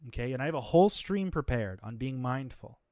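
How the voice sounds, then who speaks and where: A man running a livestream rants spontaneously, confrontational and fed up, telling viewers he's exhausted while filling his speech with restarts and filler words. His medium-pitched voice is animated, fairly quick, and a little mellow, in a dry, clean studio recording.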